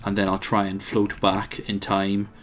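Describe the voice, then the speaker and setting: A man's voice: fairly low pitch, completely flat delivery, measured pace, soft background music. A man commentating his own strategy game, thinking aloud with plenty of hesitations and wry asides. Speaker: let's play host.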